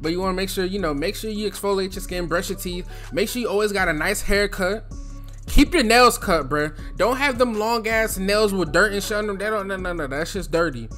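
A man's voice: high voice, a little fast, a bit bright, faint music behind. A young man from New Jersey giving casual advice in a loose, slangy, chatty way, speaking from his throat.

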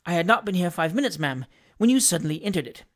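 A woman voicing a modest, flustered elderly gentleman who speaks anxiously and earnestly, as in a storybook reading. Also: on the low side, animated, fast.

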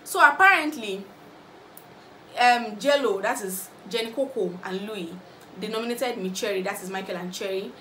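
A woman's voice: mid-range voice, moderate pace, slight background noise. A young Nigerian woman with a Nigerian accent, recapping a reality show in a casual, gossipy vlog and acting out what others said. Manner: animated gossipy storytelling, acting out others' lines. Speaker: vlogger. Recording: roomy echo with faint ambience.

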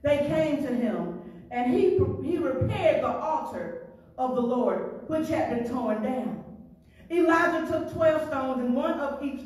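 A woman pastor preaching a sermon with animated delivery, repeating words as she goes and laughing now and then. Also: sits high, slow, heavy reverb, recorded from a distance.

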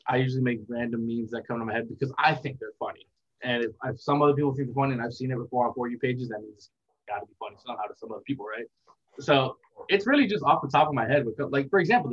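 Relaxed young man, dull lo-fi sound. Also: medium pitch. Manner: relaxed, rambling, reflective. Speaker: interview guest, content creator. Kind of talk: casual interview talk.

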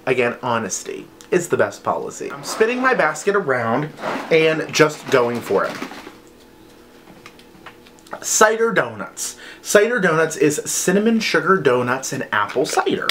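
A man's voice: a little high, big pitch swings, a little slow, a bit bright, a little hiss or hum. A man chatting enthusiastically and playfully as he reviews scented wax melts in a casual haul video.

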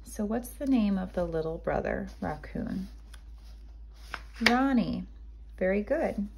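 A kindergarten teacher, a woman, reading a picture book aloud to young children in a gentle storytelling manner, stopping to ask them questions. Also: medium pitch, expressive, gravelly, slight background noise. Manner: gentle storytelling, pausing to quiz young listeners.

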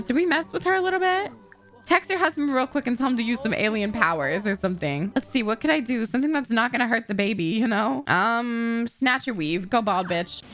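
A woman's voice: a little high, lively intonation, brisk, a bit bright, soft background music. A young adult woman doing dramatic let's-play commentary over a life-sim game, swearing freely, gasping and laughing. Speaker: gaming video host.

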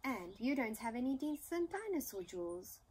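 A woman's voice: a little high, very animated, normal speed, a little mellow, a little hiss or hum, pitched above the performer's own voice. A woman voicing a vain female dinosaur stepsister in a storybook, in a sneering manner.

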